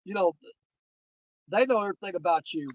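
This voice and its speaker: High-voiced man telling stories. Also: brisk, no room sound. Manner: animated, indignant storyteller. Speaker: angler co-host. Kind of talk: casual chat. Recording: dull lo-fi recording.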